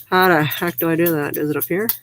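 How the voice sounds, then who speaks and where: A woman's voice: low voice, steady tone, fast, fairly bright tone, faint music behind. A woman hosting a casual livestream, chatting loosely, reading viewer comments aloud and laughing easily. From Canada. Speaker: livestream host.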